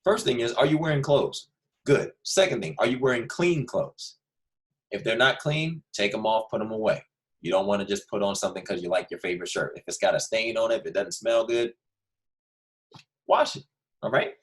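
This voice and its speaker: A man's voice: on the low side, lively intonation, moderate pace. A man teaching a second grade class online, upbeat and joking, talking straight to the children and calling on them by name.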